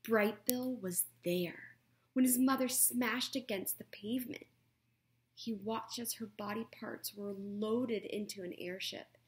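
A woman reading a children's book aloud in an expressive, playful way, correcting her own slips as she goes. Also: mid-range voice, slow pace. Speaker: reader.

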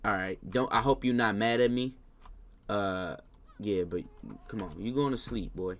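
Guy doing let's-play commentary, slangy and animated, yelling at the game then mumbling, keyboard clacking behind. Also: on the low side, moderate pace. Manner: animated, talks to the game, scolds the baby in loud bursts; slangy casual talk. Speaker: gaming YouTuber.

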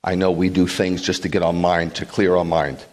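A middle-aged rabbi with a low voice preaches to his congregation. He retells the story with drama, acting out the people in it, sometimes loud and sometimes hushed. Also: little pitch movement, normal speed. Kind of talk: sermon.

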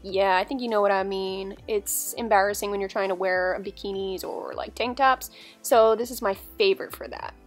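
A woman's voice: mid-range voice, expressive, normal speed, hardly any pauses, faint music behind. A young woman talking through a dumbbell workout in a chatty, upbeat, instructive way, like a fitness vlogger.

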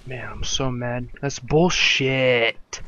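A man's voice: mid-range voice, fairly even intonation, slow pace, bright, forceful tone, lo-fi sound. A young adult man giving frustrated gameplay commentary from his room at home, cursing and muttering in exasperation at the game. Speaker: let's play commentator.

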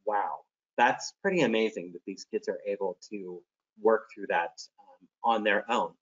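A man's voice: on the low side, measured pace, pitched below the performer's own voice. Here is a curious, impressed male gym teacher, voiced by a man recalling him. He talks in an everyday tone, and the recording sounds slightly dull.

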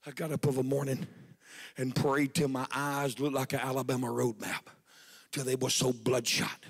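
Gravelly preacher, shouting and hushed. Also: male voice, medium pitch, little pitch movement, moderate pace. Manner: shouting, swinging from loud to hushed. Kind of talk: revival sermon.

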